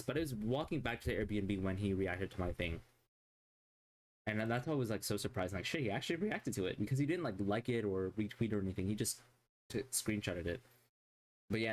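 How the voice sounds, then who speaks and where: A man streaming a casual chat, rambling and swearing constantly as he rants in exasperation. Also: lowish voice.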